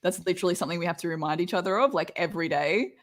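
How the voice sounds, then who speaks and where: Excited rambling voice on a stream. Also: mid-range voice, rapid-fire. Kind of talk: casual group chat on a livestream.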